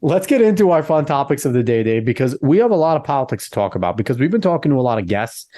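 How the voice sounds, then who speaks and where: A man's voice: medium pitch, sing-song, quick pace, mellow, dry recording, clean studio sound. A man in his thirties hosting a casual podcast chat, sounding congested and nasal from a cold, chatty and joking. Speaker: podcast host.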